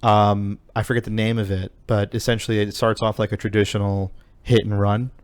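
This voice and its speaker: Low-voiced man rambling through a story. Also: little pitch movement, brisk, clear, resonant tone, dry recording. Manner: rambling, profane storytelling retelling a game. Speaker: podcast co-host. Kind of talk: casual chat.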